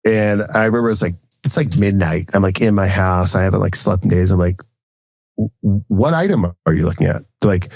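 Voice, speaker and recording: Speaking as a guest, an American man in his thirties who is a former Marine officer and entrepreneur rattles off a rambling story, packed with "like" and acted-out back-and-forth dialogue. His low voice has vocal fry and a darkish tone, with no room sound.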